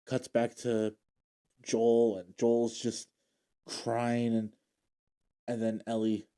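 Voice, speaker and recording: A man's voice: mid-range voice, flat delivery, slow pace, mellow, smooth. A man recapping TV episodes in a casual, emotional way, often restarting his sentences as he retells scenes. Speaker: show recap vlogger. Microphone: handheld or desk mic he adjusts.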